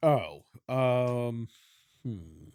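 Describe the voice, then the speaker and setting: A man hosting a sports talk show, chatting casually with opinionated, quick back-and-forth banter. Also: mid-range voice, expressive, a little mellow, clean tone, no room sound.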